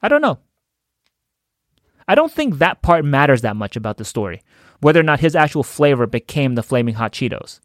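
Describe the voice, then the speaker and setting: Brief: man, mid-pitched, casual storyteller who chuckles now and then, close and dry. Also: sing-song, a little fast, dry recording. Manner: conversational, chuckles while telling. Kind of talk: storytelling talk.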